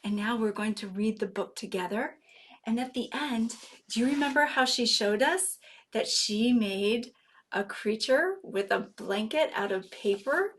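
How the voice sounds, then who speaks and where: Reading a picture book to children, this guest librarian is animated and fun, letting out gasps and quizzing her young listeners. She has a fairly high, breathy-edged voice and takes her time.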